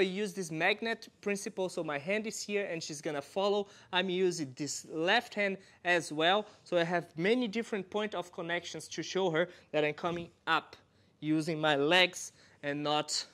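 A man's voice: sits high, normal speed, pushed and bright. A man from Brazil, a dance teacher explaining moves step by step while demonstrating. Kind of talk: instructional dance lesson.

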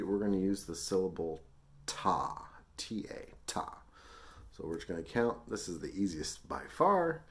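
A man teaching a music lesson, explaining rhythm syllables in a relaxed, chatty way with small laughs. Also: sits low.

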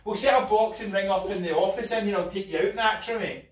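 A man's voice: high-pitched, fast, far from the mic. A man with a Scottish accent in casual, boisterous banter while painting an office, full of mock threats and swearing. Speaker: streamer. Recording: roomy office from off-mic.

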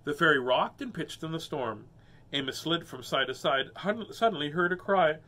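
A man reading a children's picture book aloud at home as the show's host. He wanders off into playful, self-mocking asides between pages, with a lively, varied pitch. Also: normal speed. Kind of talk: storybook read-aloud with joking asides.

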